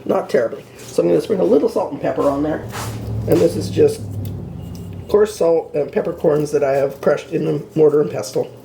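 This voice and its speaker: Gravelly woman hosting a home cooking show. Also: low-pitched, a little fast, dark tone, a little hiss or hum. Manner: chatty and self-deprecating, talks while cooking. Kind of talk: casual cooking demonstration. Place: home kitchen.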